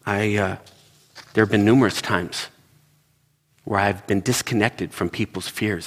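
A middle-aged pastor with a lowish voice preaches, and the sound carries the feel of a big room. He is an animated storyteller, recounting personal experiences and voicing the people in them.

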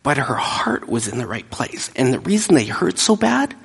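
A man preaching a sermon, emphatic, dropping often into hushed, whispered asides. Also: mid-range voice, very animated, moderate pace, gravelly, husky. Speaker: pastor. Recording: long hall reverb.

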